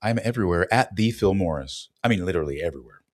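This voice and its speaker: A man with a very deep voice who swings widely in pitch as he drives his points home. He speaks as an emphatic podcast guest, landing short, punchy lines. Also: lively intonation, rapid-fire. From Los Angeles. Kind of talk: casual interview chat.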